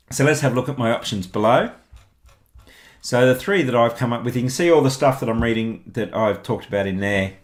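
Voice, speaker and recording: A man with a very low voice talks through microphones in a relaxed, chatty way. He thinks aloud as he goes, like a blogger walking viewers through his kit. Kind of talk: casual product walkthrough.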